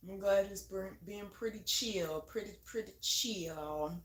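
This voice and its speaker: A woman's voice: mid-range voice, measured pace, reverberant. A young woman chatting casually on a live stream, laughing often and swearing freely as she talks to viewers. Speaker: livestreamer. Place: at home.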